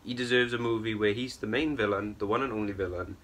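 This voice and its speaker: A young man with a somewhat low voice vents his opinions in a casual film review vlog. He rambles, circles back on himself and keeps checking in with "right?" and "bro", sounding plainly exasperated. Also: quick pace, a bit bright.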